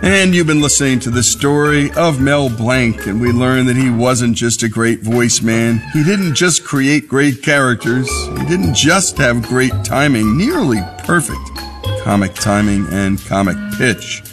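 A man's voice: medium pitch, unhurried. Earnest male radio host narrating. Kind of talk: scripted narration. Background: music.

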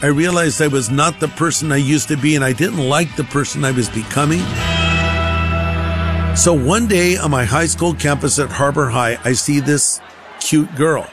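A man's voice: fairly high pitch, normal speed, over music. A man giving a conversational personal testimony, acting out the voices of the people in his stories.

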